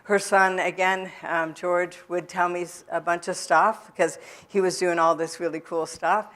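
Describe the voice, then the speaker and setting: A woman gives a personal testimony to a church audience, her voice sitting on the low side. She talks haltingly, with fillers and restarts, and turns to the listeners directly. It sounds like a church sanctuary. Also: fairly even intonation, fairly bright tone. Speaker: guest speaker at a recovery event.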